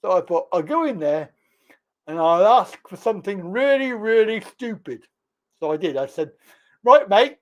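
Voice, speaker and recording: A man's voice: high voice, normal speed. A man hosting a live chat show, telling jokey stories and laughing a lot. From England. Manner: jokey storyteller, animated voices and laughter. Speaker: host. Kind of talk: casual live-stream chat.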